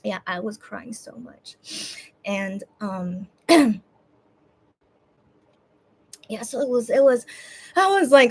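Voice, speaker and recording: A woman's voice: sits high, lively intonation, a little slow, pauses often. A woman vlogger giving a casual recap of a concert she watched, emotional and rambling, with many restarts and quoted self-talk. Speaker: fan vlogger.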